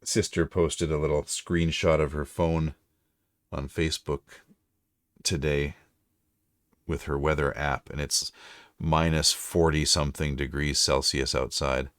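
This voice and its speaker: Very deep-voiced Canadian man. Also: level tone, measured pace, a bit bright, dry recording, clean studio sound. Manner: rambling, chatty, drifts into French. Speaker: livestreamer and voice-over narrator. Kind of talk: casual live-stream chat.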